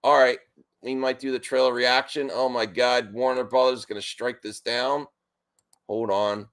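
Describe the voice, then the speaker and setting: Guy on a live stream, all wound up and nervous, keeps cutting himself off, medium pitch voice. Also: moderate pace. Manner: excited, restless, keeps interrupting himself. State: nervous and worked up. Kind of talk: live stream reaction chat.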